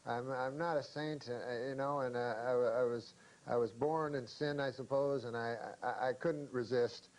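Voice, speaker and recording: A man's voice: medium pitch, steady tone, voice pushed down, close to an everyday voice. A man doing a sheepish folksy old-time miner. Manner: old-fashioned exclamations, halting and hesitant. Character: folksy hard-working male miner, earnest and sheepish.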